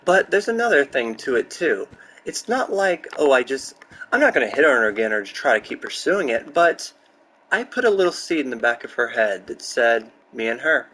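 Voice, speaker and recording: A man's voice: mid-range voice, moderate pace, rough recording. Young man rambling candidly on a close mic. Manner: rambling, candid, excitable storytelling. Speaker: gaming streamer. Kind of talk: casual chat while building in a game. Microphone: close desk mic.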